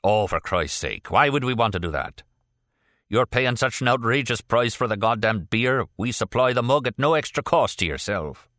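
A man voicing a gruff bartender who is mocking and sarcastic in a mock-polite way. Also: mid-range voice, lively intonation, moderate pace, a bit bright, no echo, studio quality, pitched above the performer's own voice, lightly acted.

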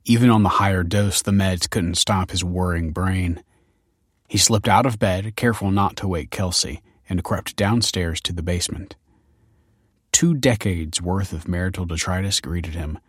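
Low-voiced male audiobook narrator. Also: husky, no room sound, clean studio sound. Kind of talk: scripted narration.

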